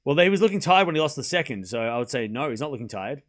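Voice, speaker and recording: Chatty streamer calling tennis live. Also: male voice, mid-range voice, expressive, very fast, a bit bright. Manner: chatty, jumps between calling points and thanking viewers. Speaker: livestream host. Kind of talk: casual live tennis watchalong commentary.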